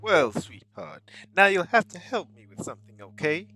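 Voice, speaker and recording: A man voicing a gentle old grandmother in a horror game, speaking softly and coaxingly. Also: high voice, big pitch swings, moderate pace, breathy edge, heavily acted. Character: sweet old grandmother, soft and patient.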